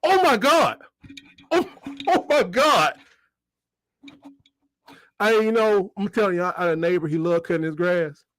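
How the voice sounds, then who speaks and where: A middle-aged man hosting a casual sports livestream. He jokes and reads out chat comments, and his voice breaks into high squeals. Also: animated, a little slow, pauses often, a bit bright, no echo.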